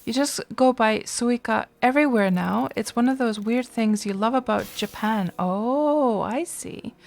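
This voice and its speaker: A woman's voice: a little high, measured pace, gravelly, a little mellow. A woman streaming a game live, chatting casually with viewers and reacting to the gameplay between replies, speaking into a desk microphone. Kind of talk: casual live-stream chat while playing.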